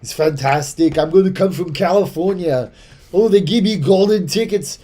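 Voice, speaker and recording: A man doing a loud, hammy impression of a boastful muscleman action hero with a mock Austrian accent. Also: fairly even intonation, a little slow, lightly acted. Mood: excited. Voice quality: loud, booming put-on voice that keeps slipping. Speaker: impression of a famous action star.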